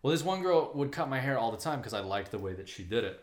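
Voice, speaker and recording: A young man in easygoing chat with friends, swearing often and jumping into voices of the people in his stories. His voice sits at an ordinary pitch and rings in an echoey room. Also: fast, slight background noise. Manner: animated storyteller, swears, acts out quoted voices. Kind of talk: casual chat.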